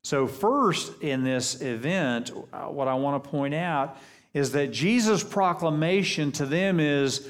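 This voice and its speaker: A man reading scripture aloud and then explaining it as a sermon, at a measured pace, shifting his voice for the quoted lines. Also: a little high. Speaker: preacher.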